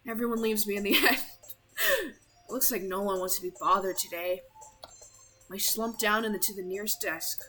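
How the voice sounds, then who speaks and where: A woman's voice: mid-range voice, fairly even intonation, moderate pace, pauses often, pushed and bright, soft background music, rough recording. A woman voicing a goofy, awkward teenage boy narrating a visual novel, switching between several put-on voices. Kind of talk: visual novel read-along.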